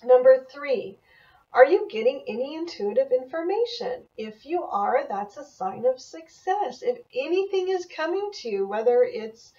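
A middle-aged woman, an animal communicator, telling a student story in an enthusiastic, animated mentoring talk. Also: high voice, measured pace. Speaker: animal communicator teaching a class. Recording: dull, lo-fi audio from a distance.

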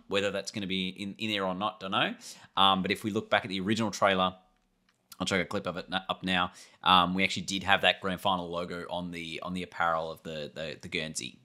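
A man's voice: lowish voice, bright, forceful tone. A man, a gaming YouTuber, giving a casual breakdown of a trailer and thinking aloud in a loose, rambling way.

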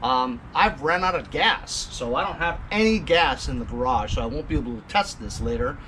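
A man's voice: medium pitch, expressive, moderate pace, bright, forceful tone, slight background noise. A man hosting a small engine repair channel, chatting casually with rambling asides and lots of fillers while he works. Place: home garage and car.

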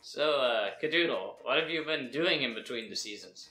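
Dry, deadpan comic straight man. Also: medium pitch, normal speed, reverberant, poor audio. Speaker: co-host. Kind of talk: comedy sketch banter.

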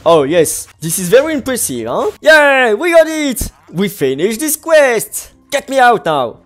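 A woman giving playful gameplay commentary, bubbly and quick to exclaim, giggle and hum little tunes. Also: mid-range voice, sing-song, faint music behind. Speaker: gaming video creator.

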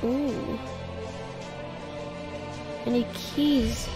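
A young woman commentating a horror game as she plays, excitable and easily scared, shrieking at frights and dropping to whispers. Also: on the high side, extremely slow, over music. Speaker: gaming video creator. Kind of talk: let's play commentary.

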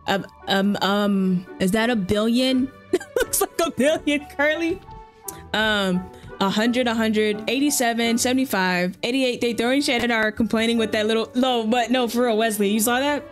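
Lady streamer hyped up on her game, kinda high voice, chatting w viewers, light music in the back. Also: normal speed. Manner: excitable, slangy, chatty with viewers. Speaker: live streamer. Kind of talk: casual live-stream chat while gaming.

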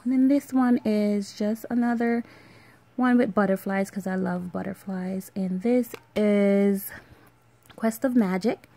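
A woman in her thirties with a Caribbean island accent chats casually in a home vlog. Her voice has a gravelly, creaky edge, and her talk wanders, filled with ums and small laughs. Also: medium pitch. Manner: relaxed, rambling, with fillers and soft laughs. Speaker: vlogger. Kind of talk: casual show-and-tell vlog.

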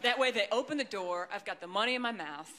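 A woman's voice: medium pitch, animated, fast talker, crowd noise, noisy background. A woman comedian doing a stand-up set, self-deprecating and rambling, with dry asides. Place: comedy stage before a live audience.

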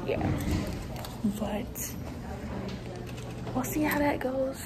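A woman's voice: high voice, a little slow, long pauses. Chatty teenage girl vlogging on the street. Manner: chatty, excitable, slangy. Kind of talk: casual vlog chat to camera. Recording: loud background street noise.

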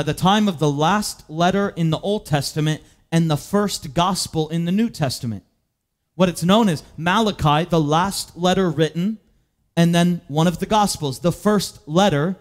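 A man delivers a sermon in a relaxed, conversational manner, tripping over small restarts and fillers as he goes. His voice sits a touch higher than most men's, and he slows right down to stretch out the phrases he wants to land. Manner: draws out key phrases slowly for emphasis. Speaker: pastor.

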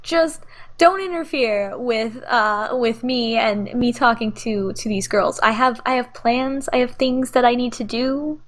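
A woman's voice: fairly high pitch, measured pace, fairly bright tone. A woman voicing an irritable, scheming young male vampire in a terse, condescending manner during a tabletop game. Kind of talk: tabletop role-play.

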